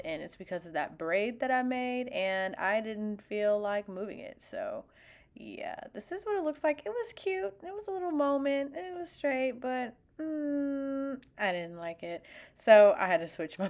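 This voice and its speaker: A woman talking through a hair tutorial in a casual voice-over, chatty and full of fillers, laughing at herself now and then. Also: medium pitch. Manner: self-deprecating, laughs at herself. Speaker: beauty vlogger.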